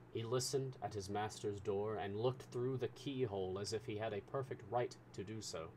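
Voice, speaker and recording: A man reading a classic novel aloud as a storyteller, with measured, expressive narration. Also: fairly low pitch, a little hiss or hum.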